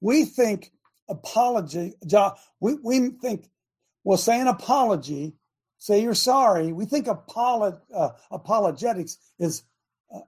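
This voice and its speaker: A middle-aged man hosting a fiery preaching talk show, speaking emphatically and often rising to shouts. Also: sits high, animated, measured pace, slightly rough.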